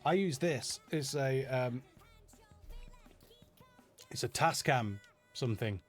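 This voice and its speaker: A middle-aged Yorkshireman with a broad Yorkshire accent, chatting loosely through viewer questions in a live stream. He rambles in an easygoing, self-mocking way, full of ums and restarts, at a middling pitch, with faint music under him. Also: expressive, slow. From Yorkshire, England. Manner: chatty and self-deprecating, many fillers and restarts. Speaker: animator answering viewer questions. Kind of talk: casual live Q&A.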